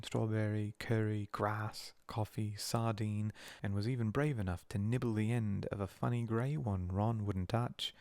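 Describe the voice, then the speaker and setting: A man reads a storybook in a slow, soothing whispered role-play. His low voice carries a gravelly grain, and the sound is close and dry with no room around it. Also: no echo. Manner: slow, soft, soothing reading. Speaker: narrator.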